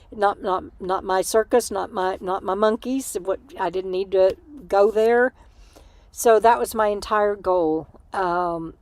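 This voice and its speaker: A tired woman hosting her own livestream, talking in a reflective, halting way and laughing often. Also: mid-range voice, darkish tone, dry recording. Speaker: livestream host. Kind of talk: casual personal chat.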